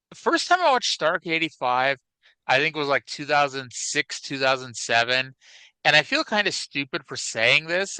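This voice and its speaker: A man's voice: medium pitch, bright, forceful tone, clean tone, no echo. A man co-hosting a wrestling podcast in casual, chatty, self-deprecating talk. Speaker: podcast co-host. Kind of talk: casual chat.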